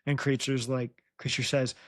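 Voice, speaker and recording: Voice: medium pitch, little pitch movement, moderate pace, dry recording, clean studio sound. A podcast host retelling a book in casual chat, teasing the guest and laughing often.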